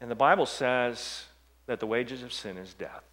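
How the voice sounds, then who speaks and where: A male pastor delivers a sermon at normal speed, sinking into hushed, low passages and then rising to loud, emphatic readings of scripture. The recording carries a long hall reverb.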